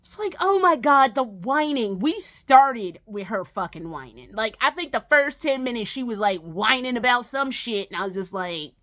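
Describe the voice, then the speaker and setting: A woman with a high, lively voice rants about games in a casual vlog, swearing freely. Her tone is bright and sharp, and she keeps slipping into mocking whiny impressions of characters. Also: moderate pace, few pauses. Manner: profane, exasperated ranting with mocking whiny impressions. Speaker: gaming vlogger.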